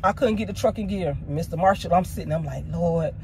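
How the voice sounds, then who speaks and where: A woman's voice: lowish voice, fast, gravelly, background noise. A woman vlogger casually telling a personal story to her viewers, candid and emotional, with slangy asides.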